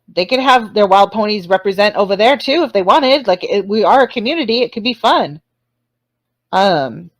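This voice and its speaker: Laughing often, a livestream host chats casually and rambles, breaking off for apologetic asides. She has a mid-range voice, recorded without echo.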